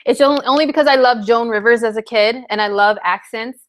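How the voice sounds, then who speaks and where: A woman's voice: a little high, brisk, a little hiss or hum. A woman astrologer giving a casual live-streamed forecast, chatty and candid with many fillers.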